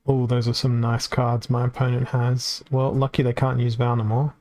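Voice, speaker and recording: A man's voice: medium pitch, monotone, moderate pace, a little mellow. A man with an Australian accent giving casual live-stream commentary on a card game, chatty and reacting aloud as it plays out.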